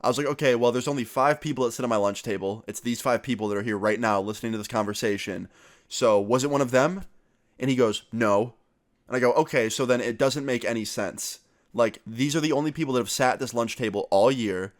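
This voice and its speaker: A young man in a casual storytime vlog, talking loosely and swearing freely. His voice sits at an ordinary middle pitch for a man, and he leans into the retold dialogue with animated energy. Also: fairly quick. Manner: casual, profane, animated retelling. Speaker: youtuber.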